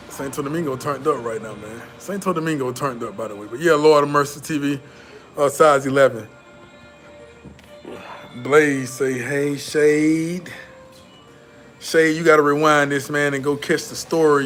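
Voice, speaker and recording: A man with a Southern American accent runs a casual livestream, going through chat in a laid-back, profane manner full of repeats and restarts. His voice is a little high and fairly bright.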